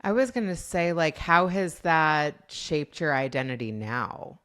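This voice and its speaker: Low-voiced woman hosting a podcast. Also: unhurried, fairly bright tone. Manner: brief, curious follow-up questions. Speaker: podcast host. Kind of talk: casual conversational interview.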